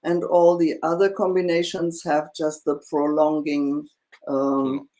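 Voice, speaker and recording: A teacher, patiently tutoring one student, slow and full of fillers. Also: mid-range voice, little pitch movement, dark tone. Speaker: German teacher. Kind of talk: one-on-one language lesson.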